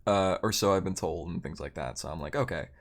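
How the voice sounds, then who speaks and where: A man's voice: deep voice, brisk. A man streaming a game and telling a long story in a loose, rambling way, correcting himself often and chuckling between lines. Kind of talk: casual storytelling while gaming.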